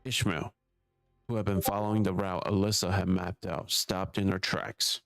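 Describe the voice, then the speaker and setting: Deep gravelly man streaming a game. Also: little pitch movement, normal speed, fairly bright tone, no room sound, soft background music. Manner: offhand, swears at slip-ups. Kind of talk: casual game livestream, reading dialogue aloud.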